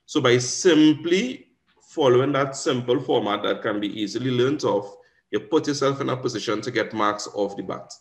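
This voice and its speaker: A man's voice: medium pitch, normal speed. A man with a Caribbean accent teaching an exam revision lesson, explaining patiently and often checking in with "right?". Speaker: Spanish teacher.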